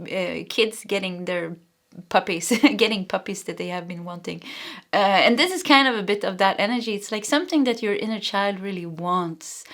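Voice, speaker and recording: Gentle, emotional Swedish woman tarot reader. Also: mid-range voice. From Sweden. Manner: soft, emotional, halting with many restarts; earnest and encouraging, addressing the listener directly. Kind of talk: intuitive pick-a-card tarot reading.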